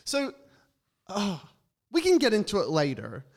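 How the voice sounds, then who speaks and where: A fairly high-voiced man co-hosting a casual fan podcast. He gives opinions freely, hedging with ums and restarts as he goes. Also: wildly swooping pitch, a little slow. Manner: opinionated, hesitant with many fillers. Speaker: podcast co-host.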